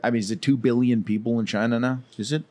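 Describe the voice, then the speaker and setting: A man's voice: medium pitch, steady tone, fast, a little mellow. A man co-hosting a comedy podcast, laid-back and drawling, peppering his talk with "dude" and "man". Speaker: podcast co-host. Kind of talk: casual podcast chat.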